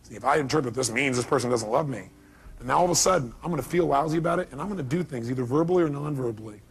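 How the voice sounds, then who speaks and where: A motivational speaker delivers a live seminar speech in a medium-pitched, rapid-fire voice. He speaks emphatically and keeps firing rhetorical questions at the audience.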